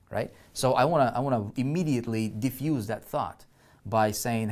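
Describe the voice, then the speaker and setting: A man with a medium-pitched, slightly mellow voice teaches online marketing at a moderate pace, sharing his screen as he goes. He thinks aloud and checks in with listeners often, frequently restarting and repeating himself.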